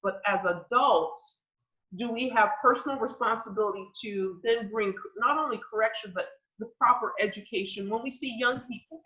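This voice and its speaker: A woman in her forties tells a personal story in an earnest, reflective way. Her voice is bright and sits a little high. The recording sounds dull and lo-fi. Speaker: panelist. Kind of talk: personal story in a group discussion. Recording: dull lo-fi audio.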